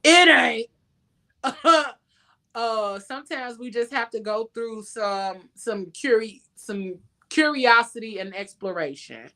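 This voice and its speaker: A woman's voice: fairly high pitch, slow, bright, forceful tone. Emphatic woman giving casual advice. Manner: emphatic, laughs often, sings a line. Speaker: podcast host.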